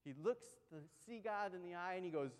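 Male pastor, high tenor, animated conversational sermon, long hall reverb. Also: fairly quick, clean tone. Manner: conversational, animated storytelling with acted-out quotes.

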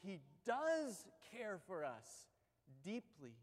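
Male pastor, high tenor, animated conversational sermon, long hall reverb. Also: slow pace. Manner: conversational, animated storytelling with acted-out quotes.

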